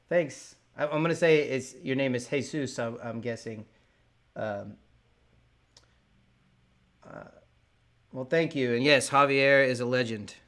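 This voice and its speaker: A man's voice: medium pitch, takes it slowly, pauses often, a bit bright. A man chatting casually with viewers while painting live, rambling a little as he works.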